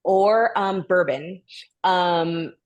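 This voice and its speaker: A woman's voice: fairly low pitch, extremely slow, muffled recording. A woman guest on a podcast, a voice actor chatting candidly and laughing often, with casual swearing. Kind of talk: casual interview chat.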